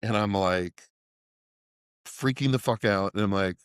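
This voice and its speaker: A middle-aged man with a fairly low voice tells a long, profane story on a casual podcast, rambling and laughing as he goes. The sound is dry and close, with no room around it. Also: unhurried, clean tone, no echo. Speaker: podcast co-host.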